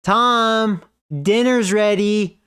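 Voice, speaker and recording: A man's voice: sits high, steady tone, drawn-out words, pushed and bright, smooth, no room sound, clean studio sound, pitched above the performer's own voice, full character voice. A man voicing a patient middle-aged mother calling her son to dinner in a singsong way.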